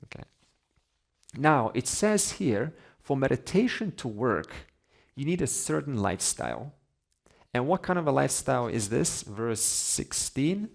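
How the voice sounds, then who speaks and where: A man's voice: mid-range voice, big pitch swings, measured pace, gravelly. A man teaching a class on scripture, conversational, asking his students questions and laughing between points. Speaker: Vedanta teacher.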